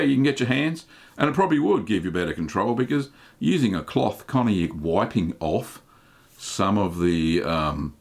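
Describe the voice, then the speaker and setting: An Australian man hosting a live stream, reading viewer chat aloud and answering questions in a relaxed, chatty way with many ums. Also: deep voice, gravelly, husky. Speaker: host.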